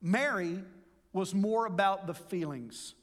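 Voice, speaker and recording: High-voiced preacher in a reverberant hall. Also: male voice, soft background music. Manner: earnest, warm expository preaching with drawn-out emphasis. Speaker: pastor. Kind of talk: sermon.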